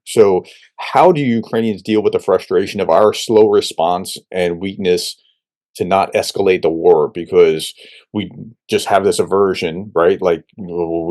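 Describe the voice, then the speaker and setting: A man's voice: low-pitched, darkish tone. A man hosting a conversational interview, informal and emphatic, asking long rambling questions. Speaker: host.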